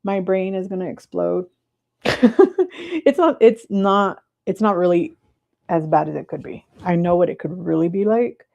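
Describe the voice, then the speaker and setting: A woman hosting a live stream from her desk, chatting casually and breaking into high excited cheers, on a clip-on mic. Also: normal speed, creaky. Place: home desk. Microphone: clip-on mic in her shirt.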